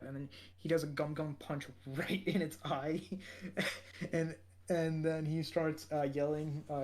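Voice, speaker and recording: A man's voice: fairly high pitch, little pitch movement, moderate pace, a little mellow. A man co-hosting a podcast, recapping an anime episode in a rambling way, full of fillers and restarts. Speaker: podcast co-host.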